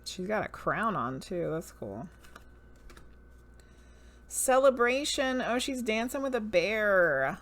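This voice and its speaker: Slow, lively Southern woman streamer. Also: mid-range voice. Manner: musing, reads card names aloud, chats with viewers. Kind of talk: casual livestream chat.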